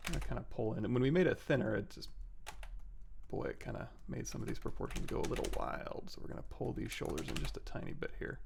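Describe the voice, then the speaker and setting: A man's voice: medium pitch, fast talker, vocal fry, background noise. A man hosting a 3D sculpting livestream, talking casually through each step as he works and correcting himself as he goes. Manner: relaxed, talks through steps while working, self-corrects. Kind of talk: casual software tutorial narration.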